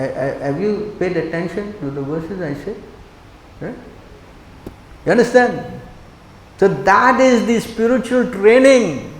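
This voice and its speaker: An older man, a monk, giving an animated sermon that mixes personal stories with rhetorical questions to his listeners. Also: high-pitched. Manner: animated, acts out quoted speech, fires rhetorical questions. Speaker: monk lecturing on scripture. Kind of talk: sermon with storytelling. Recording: echoey hall with faint background noise.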